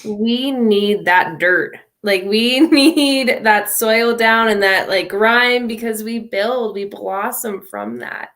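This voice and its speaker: A woman's voice: medium pitch, lively intonation, slow pace, hardly any pauses, a bit bright. A woman working as a mindfulness coach for mothers, speaking as a podcast guest in an encouraging, affirming way. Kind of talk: casual conversation.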